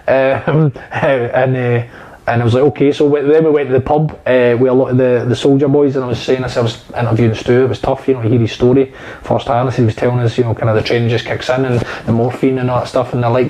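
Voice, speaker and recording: A man, an actor guest telling lively, swear-filled stories in a casual interview. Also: mid-range voice, fast, rough recording. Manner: animated storyteller, swears freely.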